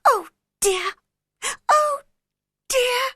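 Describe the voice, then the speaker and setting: A frantic little male rabbit from a storybook, forever running late, as a woman reader puts him on. His voice jumps very high and squeaky, with breathless, panicky cries that swoop wildly up and down. The sound is close and dry. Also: lively intonation, extremely slow, bright, forceful tone, no room sound, heavily acted. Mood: panicked. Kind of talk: storybook reading.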